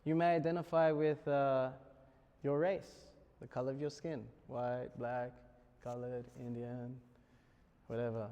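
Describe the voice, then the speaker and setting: A spiritual speaker with an Australian accent lectures students in a university lecture hall, joking and chuckling often. His voice is medium-pitched, level, unhurried, dark and clean, though the recording is muffled with long hall reverb.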